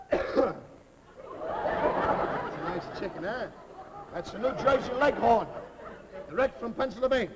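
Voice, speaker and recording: A boisterous mock-Italian cook. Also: male voice, extremely high pitch, a little slow, long pauses, over a noisy crowd, exaggerated voice. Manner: broken English mixed with Italian-sounding double-talk, excitable. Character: boisterous middle-aged male Italian cook. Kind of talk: live TV comedy sketch. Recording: scratchy hissy 1949 television recording.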